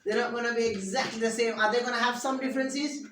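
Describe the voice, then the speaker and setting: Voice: mid-range voice, steady tone, quick pace, crowd noise. Patient teacher quizzing a classroom. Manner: patient, quizzes pupils and models sounds for them to repeat. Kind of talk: interactive classroom lesson. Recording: roomy classroom picked up from a distance.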